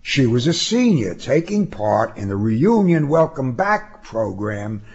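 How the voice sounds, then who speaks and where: Male audiobook narrator, slow, husky, lively pitch, lo-fi sound.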